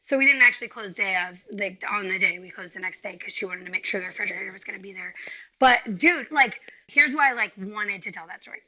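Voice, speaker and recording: A woman podcast co-host and real estate agent telling an animated, profane story over a video call and acting out the quotes. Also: mid-range voice, fast talker, muffled recording. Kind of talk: casual storytelling chat. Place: home, remote video call.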